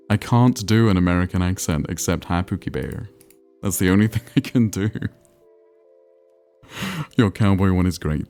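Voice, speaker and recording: A man with a low voice and a darkish tone is livestreaming a geography game. He rambles casually with his viewers, answers chat messages, and pokes fun at himself.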